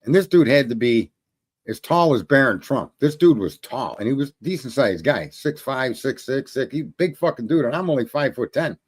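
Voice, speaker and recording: A man's voice: mid-range voice, expressive, brisk, husky. A middle-aged man telling a long story in a crude, swaggering, casual way, swearing often and laughing at his own jokes. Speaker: show host telling a story.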